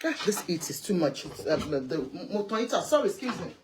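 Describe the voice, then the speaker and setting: A Nigerian woman with a Nigerian accent, hosting a live call-in show, talking in an animated, chatty way and ranting about public affairs from inside a car. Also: on the low side, fast, noisy background. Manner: animated, chatty, rants and pleads. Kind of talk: opinionated live social commentary.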